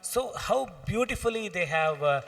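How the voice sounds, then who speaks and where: A man with a Tamil accent answering questions on a panel, halting with many fillers and restarts, sometimes chanting Sanskrit verses. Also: sits high, lively intonation, vocal fry, background noise. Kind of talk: explanatory Q and A talk. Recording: long reverb of a hall.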